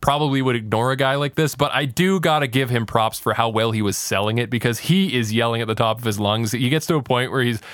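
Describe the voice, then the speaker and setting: A man co-hosting a casual podcast, talking in an animated way and swearing freely. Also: mid-range voice, fast, hardly any pauses, dry recording, studio quality. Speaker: podcast co-host. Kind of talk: casual chat.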